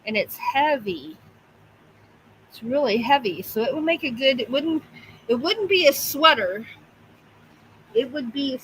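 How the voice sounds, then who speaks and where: A woman's voice: high voice, expressive, unhurried, long pauses, a bit bright, a little hiss or hum, low-quality recording. A woman hosting a casual livestream from home, chatting to her pets and reading out viewer comments. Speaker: livestream host.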